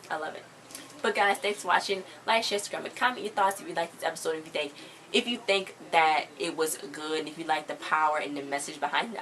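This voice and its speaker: Chatty low-voiced woman recapping a show. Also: slight background noise, poor audio. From US countryside. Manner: chatty, emphatic, slangy, animated. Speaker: TV episode reviewer. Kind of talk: casual recap vlog.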